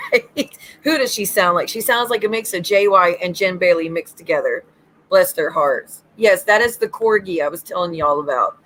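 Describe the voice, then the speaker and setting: A woman's voice: on the low side, lively intonation, normal speed, fairly bright tone, a little hiss or hum, low-quality recording. A woman hosting a livestream as a psychic medium, ranting bluntly and swearing freely.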